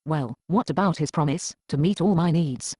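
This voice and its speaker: A woman's voice: low voice, normal speed, a little mellow, slightly rough, no room sound, clean studio sound. A woman acting as an upset single woman who answers defensively and evasively in an amateur Bible drama.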